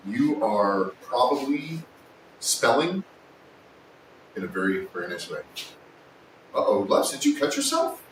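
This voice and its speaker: A man hosting a casual woodworking livestream, chatting and joking with his viewers, sometimes yelling, recorded in a workshop. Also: huge pitch swings, measured pace, pauses often. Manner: joking, teasing, with sudden yells. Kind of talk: casual live-stream chat with viewers. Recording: echoey room, distant mic, faint rumble.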